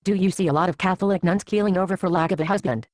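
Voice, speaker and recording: Woman playing a blunt churchgoing friend, low voice, dry close sound, teasing, amateur Bible drama. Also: rapid-fire, darkish tone, no room sound, lightly acted. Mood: matter-of-fact.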